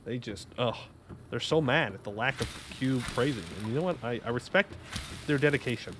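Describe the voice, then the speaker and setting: A man's voice: mid-range voice, moderate pace, background noise. A man streaming a game live, chatting casually and joking while answering his chat.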